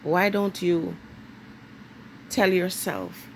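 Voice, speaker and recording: A woman's voice: fairly low pitch, sing-song, a little hiss or hum. A woman with a Jamaican accent giving a vlog monologue in an emphatic, lecturing way, leaning hard on key words. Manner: emphatic, lecturing, drawn-out stresses. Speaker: vlogger. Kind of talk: direct-to-camera monologue.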